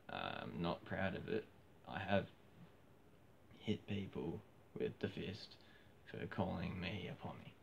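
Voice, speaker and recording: Hoarse, gravelly deep-voiced Australian man. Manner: rambling, frequent restarts and fillers. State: hoarse, losing his voice. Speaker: vlogger. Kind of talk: casual rambling monologue. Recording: dull lo-fi with faint hiss.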